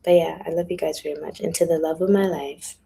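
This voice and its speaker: A young woman with a low voice talks into her phone on a livestream, slipping into whispers now and then. Her tone is gravelly with plenty of fry, and a faint hiss of room noise sits behind her. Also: fairly even intonation, fast talker, low-quality recording. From South Africa. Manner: chatty, drops into hushed whispers. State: has a headache. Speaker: author on a livestream. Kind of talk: casual livestream chat. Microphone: phone or webcam livestream.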